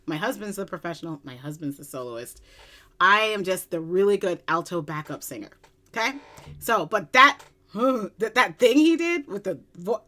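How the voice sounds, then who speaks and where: Giddy, excitable woman with a bright voice. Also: medium pitch, normal speed. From Long Island, New York. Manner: excitable and giddy, gushing with bursts of squealing. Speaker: music reaction vlogger. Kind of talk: casual chat. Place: at home at her computer.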